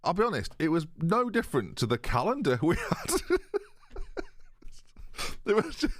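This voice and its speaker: A young man chatting away to his stream viewers. His pitch swings up and down a lot as he jokes and riffs. The sound is dry and close, with no room echo. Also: wildly swooping pitch, moderate pace, pauses often. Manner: chatty, jokey, reads chat aloud. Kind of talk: casual live-stream chat with viewers.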